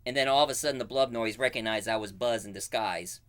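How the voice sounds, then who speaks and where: A man casually retelling a cartoon plot as a reviewer, with animated storytelling full of fillers. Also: medium pitch, quick pace.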